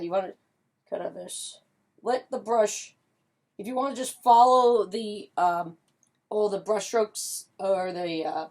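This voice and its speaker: A woman with a lowish, slightly mellow voice talks her way through an easygoing watercolor painting demo. As a pet portrait artist and painting instructor, she keeps it upbeat and chatty, using many fillers and humming doo-doo tunes.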